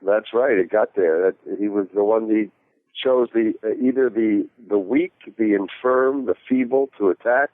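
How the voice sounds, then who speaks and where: A male actor tells a story in an easygoing, rambling way. His voice sits very low. The sound is thin and phone-like, with no room echo. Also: moderate pace. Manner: rambling, with many fillers and restarts. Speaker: actor guest in an interview. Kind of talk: casual anecdotal storytelling. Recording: tinny phone-like call audio.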